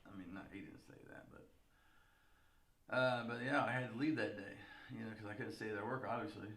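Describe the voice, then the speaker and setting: A man's voice: fairly low pitch, a little fast, gravelly, a bit bright, reverberant. A man telling a long story casually to camera, rambling and laughing, with a stuffed, nasal sound. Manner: rambling, lots of "you know" and laughs. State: nasal congestion. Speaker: vlogger.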